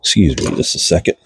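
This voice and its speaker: A man from the United States hosting a casual fishing reel repair tutorial in a cold garage, folksy and chatty, congested with a cold and often coughing and clearing his throat. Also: low-pitched, no echo. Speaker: reel repair channel host.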